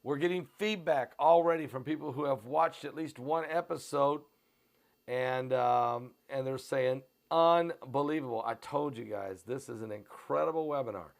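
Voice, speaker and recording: A man with an American Midwestern accent hosting a live stream, pushing tickets in a repetitive, urgent pitch full of fillers. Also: normal speed, gravelly. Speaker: host of a prophecy channel. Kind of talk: live-stream promotion and commentary. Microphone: on camera.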